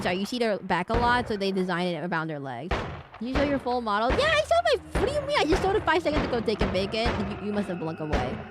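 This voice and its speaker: Animated woman streamer over game music. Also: medium pitch. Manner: animated, indignant bursts when reading chat; hums and sings under her breath while playing. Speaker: VTuber streamer. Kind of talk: casual game streaming chat.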